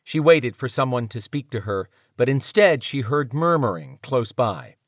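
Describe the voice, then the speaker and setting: Man reading with lively dramatic swings. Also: mid-range voice, normal speed, no room sound, studio quality. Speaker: audiobook narrator. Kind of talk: scripted narration.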